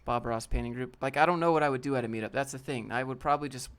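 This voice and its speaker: A man talks casually on his live stream, reading chat questions and answering them bluntly. He drops slang like "fam" and "dude" while critiquing a viewer's portfolio. His voice sits at an ordinary middle pitch. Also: rapid-fire, fairly bright tone, smooth. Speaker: livestream host. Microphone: desk setup with a DSLR camera.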